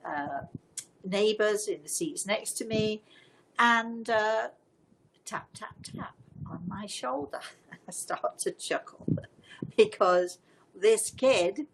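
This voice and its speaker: A woman's voice: on the low side, vocal fry, a bit bright, a little hiss or hum, low-quality recording. A woman telling a personal story as a medium, in a chatty, rambling way full of asides. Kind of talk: casual storytelling livestream.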